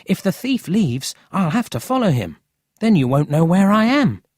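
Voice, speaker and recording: A narrator voicing a quick-tempered, earnest country boy in a storybook reading. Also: medium pitch, very animated, darkish tone, no echo, studio quality, pitched above the performer's own voice. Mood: worried.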